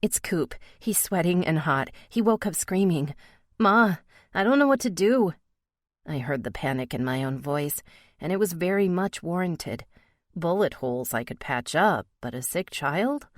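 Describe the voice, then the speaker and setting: A woman narrating a romance audiobook in the first person, expressive in the dialogue. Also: sits low, normal speed, no room sound, clean studio sound.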